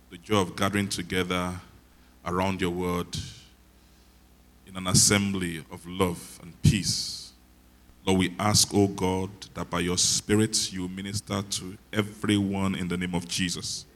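A man preaching a sermon, soft-spoken and conversational, with self-deprecating humor. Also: low-pitched. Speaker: pastor.

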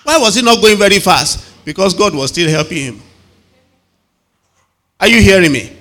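A man's voice: high-pitched, expressive, normal speed, heavy background noise. A man preaching an evening sermon, emphatic, calling for responses and repeating his phrases. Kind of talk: evening sermon to a live and online congregation.

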